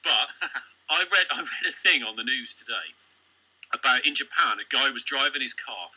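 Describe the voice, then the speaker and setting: A man's voice: mid-range voice, normal speed, bright, forceful tone, husky, rough recording. A man co-hosting a late-night local radio comedy show, telling rambling jokey stories with stammering restarts. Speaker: radio co-host. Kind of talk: casual banter, comic storytelling. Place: radio studio.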